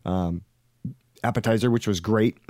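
A man's voice: on the low side, moderate pace, warm tone, no room sound, studio quality. A man co-hosting a podcast, chatting easily about food with many ums and restarts. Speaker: podcast co-host. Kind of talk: casual chat.

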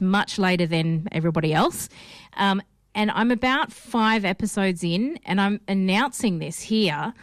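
A woman's voice: mid-range voice, no room sound, studio quality. An Australian woman hosting a casual film podcast, chatty and rambling with lots of ums and restarts. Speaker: podcast host.

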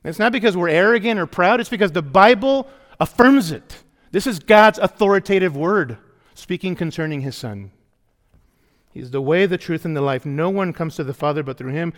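In church, a man preaches as pastor in a high, expressive voice at a moderate pace, the sound trailing in long hall reverb. His emphatic sermon circles back to key phrases and asks questions of the congregation.

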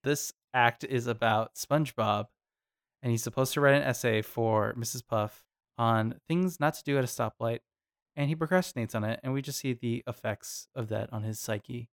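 A man hosts a podcast in a relaxed, chatty way. His voice sits at a middle pitch, and he talks animatedly with quick asides. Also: clear, resonant tone. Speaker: podcast co-host. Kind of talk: casual chat.

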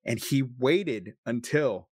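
Man, 30s, spins a raw personal story with swearing and quick bursts, mid pitch, dead-dry room. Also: animated, darkish tone, breathy edge, no room sound. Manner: emotional, profane, quick bursts. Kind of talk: casual storytelling.

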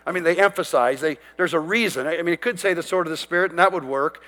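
A man's voice: fairly high pitch, quick pace, a bit bright, long reverb tail. A man preaching a sermon, quoting and declaring scripture with emphatic conviction. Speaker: pastor.

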